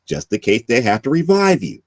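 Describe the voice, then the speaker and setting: A man's voice: medium pitch, very animated, fairly quick, vocal fry, darkish tone, dry recording. A man co-hosting a casual chat podcast, full of teasing, joking banter. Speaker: podcast co-host.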